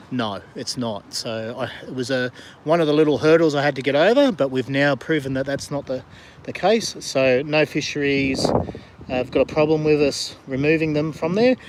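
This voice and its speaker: A middle-aged Australian man live-streaming from a kayak on a river, chatting casually and rambling with fillers as he greets viewers. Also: on the high side. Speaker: vlogger and diver. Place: outdoors on a river kayak in the rain.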